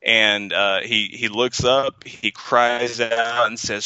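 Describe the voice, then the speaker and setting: Bright, rambling man on a podcast. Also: mid-range voice, steady tone, slow pace, clear, resonant tone, no room sound, muffled recording. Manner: rambling, lots of fillers and restarts. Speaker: podcast co-host. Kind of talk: casual podcast discussion.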